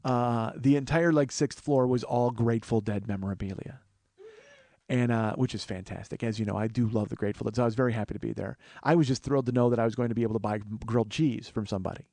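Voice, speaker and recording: A man in his forties recounts a story alone at the mic, wry and full of swearing. His voice sits at an ordinary middle pitch, and the sound is close and dry, with no room around it. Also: fast, creaky, dark tone, no room sound. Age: 40s. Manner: profane, wry, acts out other people's voices. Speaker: podcast host. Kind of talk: solo storytelling monologue.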